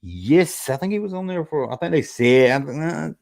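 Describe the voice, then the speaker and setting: A sleepy male YouTube host with a fairly high, creaky voice speaks at normal speed during a casual livestream. He reads chat, jokes around, and yawns from time to time. His delivery is chatty, with animated retellings.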